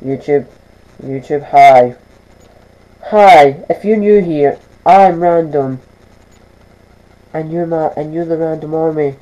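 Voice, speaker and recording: A teenage boy vlogs casually to camera, stammering and restarting sentences as he talks through his plans. His fairly high voice is slow, pauses often and has a dark tone, and the camera mic cuts off the highs.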